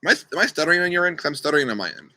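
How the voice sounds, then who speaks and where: Bright-voiced young man hosting riddles. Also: a little high, animated, very fast, no echo, rough recording. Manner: chatty, playful, talks to kids by name. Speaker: youth group leader. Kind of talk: casual online riddle game. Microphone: computer mic on a video call.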